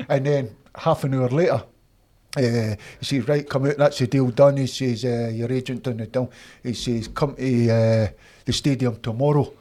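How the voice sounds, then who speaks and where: Casting: Scottish man, fifties, animated storyteller, middle pitch. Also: a little slow. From Scotland. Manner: animated anecdotes, acts out quoted voices. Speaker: interview guest, former footballer. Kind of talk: storytelling in casual interview.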